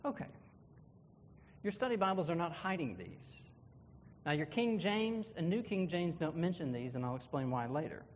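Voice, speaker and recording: A man's voice: a little high, animated, normal speed, a little hiss or hum. Man teaching a Bible class in a hall. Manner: conversational, explanatory, with self-corrections. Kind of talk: classroom lesson with visual aids. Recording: dull, reverberant room recording.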